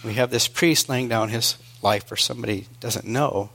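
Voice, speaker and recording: A male preacher delivering a sermon in an earnest storytelling manner, moving between hushed and emphatic. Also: mid-range voice, normal speed, gravelly.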